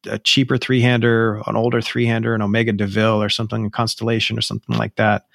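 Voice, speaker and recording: A man's voice: lowish voice, flat delivery, vocal fry, fairly bright tone, no room sound, studio quality. A man co-hosting a podcast in casual chat, rambling with frequent restarts. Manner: rambling, restarts often, drawn-out phrases. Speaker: podcast co-host.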